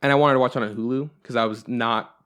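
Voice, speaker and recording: Young guy on a podcast, rambly, cusses a lot, average pitch, lots of likes and ums. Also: steady tone, quick pace, fairly bright tone, smooth. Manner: rambling and profane, with frequent fillers. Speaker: podcast host. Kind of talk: casual chat.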